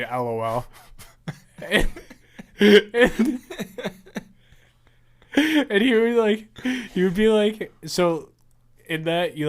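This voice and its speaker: Laughing young man telling stories. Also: fairly high pitch. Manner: animated storyteller, laughs through his stories. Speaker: podcast co-host. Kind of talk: casual chat.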